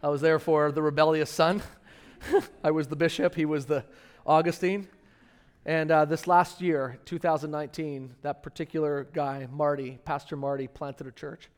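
A middle-aged man preaching a sermon as pastor, telling stories in a conversational way with lively rises in pitch and loudness. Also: moderate pace. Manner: conversational storytelling, animated rises in pitch and volume.

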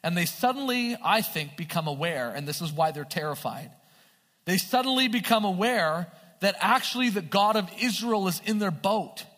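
A man preaching a sermon in an animated way, often checking with his listeners through questions. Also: high voice, normal speed. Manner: animated, asks the audience questions. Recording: long hall reverb.

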